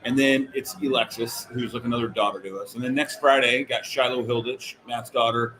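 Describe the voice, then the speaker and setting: A man's voice: medium pitch, fairly even intonation, a little fast, a crowd in the background, poor audio. A man in his forties, co-hosting a podcast, telling rambling stories in casual chat and laughing often. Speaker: podcast co-host.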